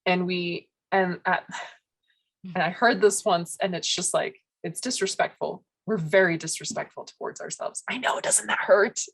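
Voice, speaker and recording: Woman co-host, slightly low voice, chatty and thoughtful, casual heart-to-heart. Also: a little slow, vocal fry, husky. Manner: chatty, heavy use of "like", thoughtful. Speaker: podcast co-host.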